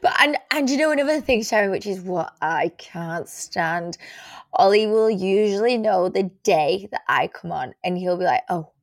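A woman in casual chat, telling stories with lively acted-out quotes. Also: medium pitch, moderate pace, no echo, clean studio sound. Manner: animated storyteller, acts out quotes.

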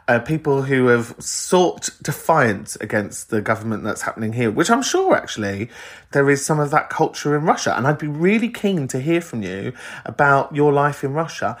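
Lively London podcast host. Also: male voice, on the high side. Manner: animated, chatty, laughs often. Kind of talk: answering voicemails on a podcast.

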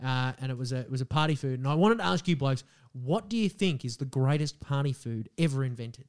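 A man's voice: mid-range voice, fairly quick, smooth. A young Australian man co-hosting a casual podcast, ranting heatedly and swearing heavily. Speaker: podcast co-host. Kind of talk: casual chat.

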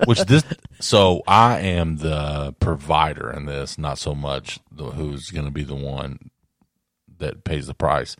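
A man co-hosts a casual talk show, reading news items and teasing his partner. His voice is extremely deep, and the room is dry with no echo. He has a dry, teasing manner and stumbles over his restarts. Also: takes it slowly. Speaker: co-host, reads news items. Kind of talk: casual chat.

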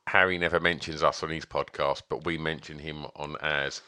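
A man's voice: a bass voice, flat delivery, normal speed, sharp tone, clear, resonant tone, no echo. A man co-hosting a podcast, chatting casually with dry, teasing banter. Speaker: podcast co-host. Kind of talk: casual chat.

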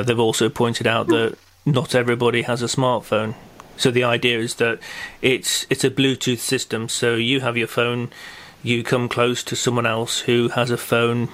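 A man co-hosting a chat podcast, talking in a flat, level tone that hardly rises or falls. He rambles through the news and chat, stacking up fillers and restarts as he goes. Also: medium pitch. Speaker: podcast co-host. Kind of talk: casual chat and news rundown.

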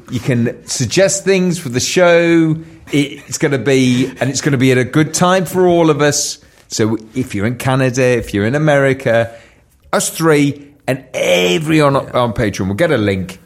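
A man co-hosting a comedy podcast, teasing and quick to laugh in casual chat. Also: mid-range voice. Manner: animated, teasing, laughs often. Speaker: podcast co-host.

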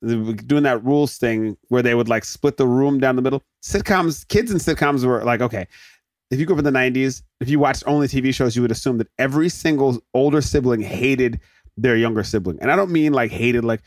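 A man hosting a podcast, recapping a sitcom episode in an animated, jokey way and slipping into quick mock voices for the characters. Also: medium pitch, no echo, clean studio sound. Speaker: podcast host.

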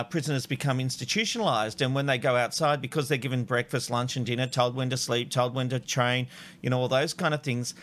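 A man's voice: mid-range voice, fairly bright tone. A man co-hosting a talk show, reading news items and giving emphatic, indignant opinions. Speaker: co-host and news reader.

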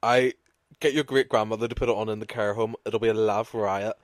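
A man's voice: lowish voice, steady tone, no echo. Giggly man co-hosting a podcast, dry sound. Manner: giggly, quick banter, swears casually. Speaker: podcast co-host. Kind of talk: casual chat.

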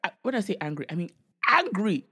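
Woman, 20s, from Canada, podcast co-host; a lively, profane storyteller who acts out her family. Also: medium pitch, fast talker, husky. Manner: animated storytelling, swearing freely, acting out quoted family members. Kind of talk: casual chat.

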